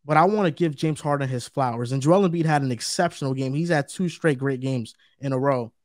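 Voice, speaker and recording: A man's voice: mid-range voice, a little fast, darkish tone, no room sound, clean studio sound. A man co-hosting a sports debate show, talking emphatically and repeating his points for stress. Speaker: co-host.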